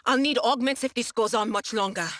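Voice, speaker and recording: A woman's voice: on the high side, fairly quick, a bit bright, no room sound, clean studio sound, lightly acted. An actress playing a nervous female psyker who hears whispering voices, wry and laughing to herself. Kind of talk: video game voice acting.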